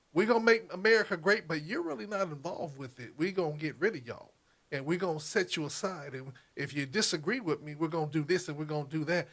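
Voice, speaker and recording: A man's voice: a little high, fairly bright tone. A man putting on a sly, sweet-talking Southern schemer. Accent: Southern US, put on.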